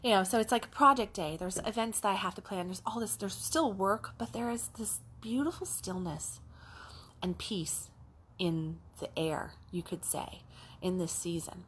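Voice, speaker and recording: A middle-aged woman coach telling a casual, animated story, acting out the lines of her child and herself. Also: mid-range voice, normal speed, slight background noise. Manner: animated, acts out a child's voice and her own in quotes. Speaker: life coach.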